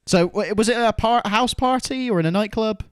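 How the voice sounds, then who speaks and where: A man's voice: high voice, brisk, clean tone, no room sound. A man hosting a casual podcast, ranting and swearing in mock outrage. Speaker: podcast host.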